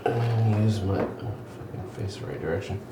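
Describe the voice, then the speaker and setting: Very deep-voiced man calling out rolls. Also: moderate pace. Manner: matter-of-fact, calls out dice results, swears. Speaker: player. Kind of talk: casual tabletop game chat. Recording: roomy and noisy home recording.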